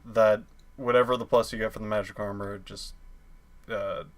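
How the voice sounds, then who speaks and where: A man's voice: on the low side, level tone, moderate pace. A man playing a tabletop game, playful and laughing often. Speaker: player. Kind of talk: casual tabletop game play.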